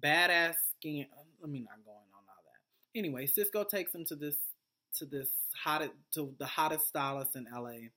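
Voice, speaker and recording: Low-voiced woman doing a blunt recap. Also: moderate pace, pushed and bright. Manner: blunt, profane, rambling with fillers. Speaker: TV recap vlogger. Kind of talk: casual TV recap commentary.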